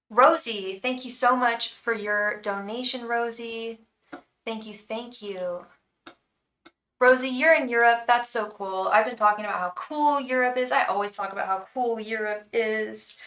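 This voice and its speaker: An American woman gives a live tarot reading in a bright, sharp voice, chatting with viewers and chanting invocations over and over. She sits a little back from the mic, so the sound sits at a slight distance. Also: mid-range voice. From United States. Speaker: tarot reader and psychic.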